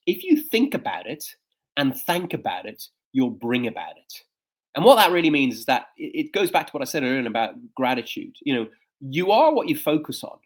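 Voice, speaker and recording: A man in his fifties tells stories in a conversational interview. His talk is animated, with frequent fillers and restarts. His pitch sits in a middle range. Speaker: guest speaker and coach.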